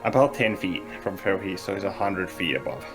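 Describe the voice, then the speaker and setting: A man playing a tabletop game, describing his character's actions in a slow, deliberate way with pauses. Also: low-pitched, expressive, music in the background. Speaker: player.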